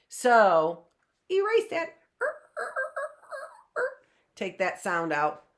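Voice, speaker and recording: A middle-aged woman leads a live phonics lesson at an unhurried, deliberate pace. Her voice sits a little low, and she repeats each word patiently for young children. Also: expressive, a bit bright. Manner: patient, repeats words slowly for young learners. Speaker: teacher.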